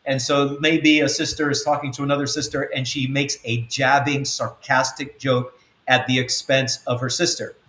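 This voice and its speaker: A man's voice: mid-range voice, little pitch movement, moderate pace, sharp tone, echoey room. A man giving a spiritual teaching talk as an apostle. He speaks earnestly and repeats his points. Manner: earnest, repetitive, acts out quotes.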